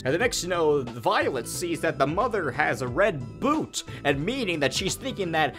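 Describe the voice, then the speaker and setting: A man's voice: fairly high pitch, very animated, normal speed, few pauses, a bit bright, faint music behind. Young man rambling through a crude movie parody. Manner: rambling, crude parody with silly quoted voices. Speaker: guest reviewer. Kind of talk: comedic movie recap.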